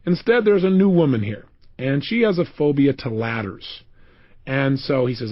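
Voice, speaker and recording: A man's voice: a little high, fairly quick, no room sound, lo-fi sound. A man giving a motivational self-help talk, telling stories animatedly and acting out what people said. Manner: animated storytelling, acting out quotes. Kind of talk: motivational audio program.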